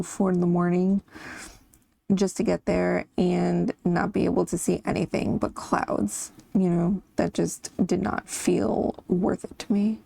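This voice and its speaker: A woman's voice: medium pitch, vocal fry, dark tone, no room sound. A woman hosting a coloring channel, chatting casually and rambling about her family while she colors, laughing now and then.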